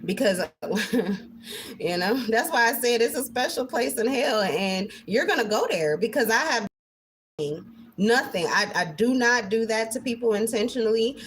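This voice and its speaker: A woman's voice: fairly high pitch, animated, moderate pace, fairly bright tone, a little hiss or hum. Emphatic, foul-mouthed woman card reader. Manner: emphatic and heavily profane, swinging between intense and laughing. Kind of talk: casual spiritual monologue to camera.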